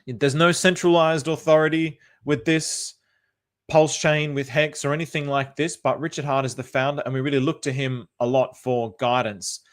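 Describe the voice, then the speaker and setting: A man's voice: a little high, steady tone, normal speed. An Australian man hosting a casual livestream, chatty and upbeat, greeting viewers by name and repeating phrases as he talks. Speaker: livestream host.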